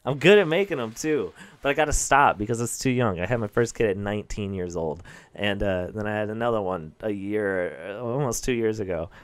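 A man's voice: lowish voice, animated, a little fast, smooth, dry recording. A man in his twenties hosting a podcast, rambling through crude, self-deprecating stand-up jokes with lots of fillers. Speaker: podcast host and stand-up comedian. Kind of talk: casual comedic monologue.

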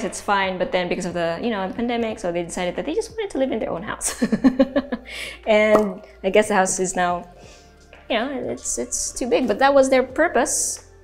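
A woman with a Filipino accent hosting a house tour, chatty and giggly, now and then slipping into Tagalog. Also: medium pitch. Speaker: real estate tour host. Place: indoors in a large house.

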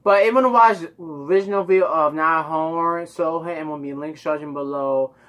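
A man's voice: a little high, brisk, fairly bright tone. Chatty man reacting to music. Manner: chatty, rambling, addresses viewers directly. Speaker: reaction video host. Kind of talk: casual music reaction commentary.

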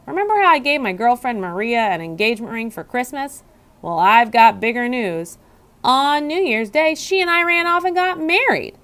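A woman's voice: on the high side, very animated, moderate pace, fairly bright tone, pitched above the performer's own voice. A woman voicing a kind, cheerful male school custodian who talks in an easygoing, friendly way.

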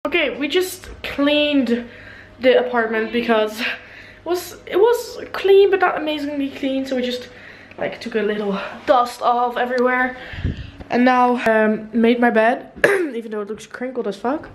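A woman's voice: a little high, measured pace, slight background noise, low-quality recording. A young woman from the Netherlands, giving a casual, giggly vlog tour of a new apartment, laughing often and swearing freely. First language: Dutch. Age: young adult. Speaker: vlogger.

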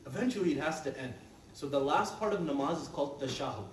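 Man teaching kids, playful animated storytelling, a bit high, echoey room, mic far off. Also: fast. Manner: animated, playful, acts out quotes in a hushed voice. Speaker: Islamic teacher telling stories to children. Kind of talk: lively storytelling lesson. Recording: echoey room, from a distance, with noise.

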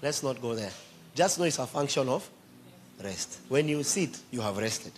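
A man's voice: medium pitch, lively intonation, normal speed, a little hiss or hum. A man preaching a sermon, emphatically quizzing his congregation with questions.

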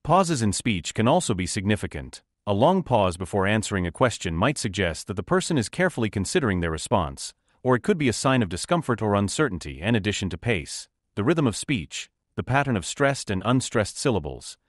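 A man reading a nonfiction audiobook as narrator, in a measured, instructive way. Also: on the low side, sing-song, dry recording, studio quality.

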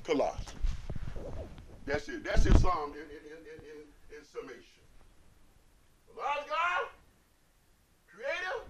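A man's voice: fairly high pitch, huge pitch swings, measured pace, long pauses, a little hiss or hum. A man giving a Friday sermon as imam, repeating lines emphatically and asking rhetorical questions. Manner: swings between hushed and loud, rising to forceful.

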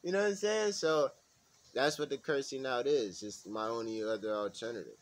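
A man's voice: mid-range voice, moderate pace, a little hiss or hum. Man ranting with heavy profanity. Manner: profane, heated, repetitive, emphatic. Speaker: vlogger. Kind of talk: casual ranting monologue.

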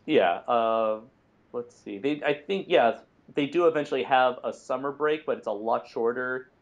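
A man's voice: mid-range voice, normal speed. Rambling man on a dull lo-fi line. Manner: rambling, restarts sentences, laughs often. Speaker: podcast co-host. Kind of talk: casual podcast chat. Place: lives in Japan.

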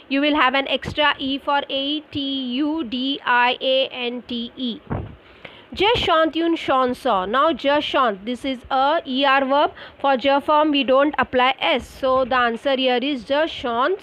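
A woman's voice: high voice, steady tone, a little slow, a bit bright, poor audio. A woman French teacher with an Indian English accent, explaining grammar step by step and spelling words out letter by letter. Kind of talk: recorded school lesson.

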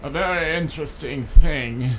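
A man's voice: fairly high pitch, moderate pace, a bit bright, a little hiss or hum. A man voice actor improvising a playful, rambling demo with giggles and silly made-up words.

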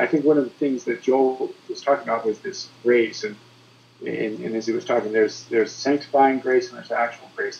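A man's voice: mid-range voice, gravelly, highs cut off. A man who is a priest, giving encouraging advice on a panel and often repeating his words.

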